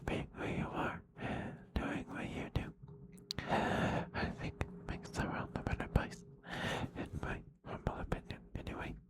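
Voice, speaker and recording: A man whispering softly and affectionately in a close ASMR stream, repeating gentle phrases. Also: measured pace, long pauses. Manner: soft breathy whispering, repetitive and affectionate. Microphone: close sensitive ASMR mic.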